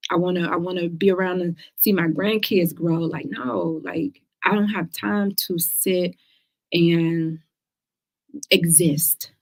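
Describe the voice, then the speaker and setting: Woman, talk show host, casual livestream chat, direct, lively, slightly low pitch. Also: moderate pace, creaky, hardly any pauses. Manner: lively, direct, speaks to listeners as girl and y'all.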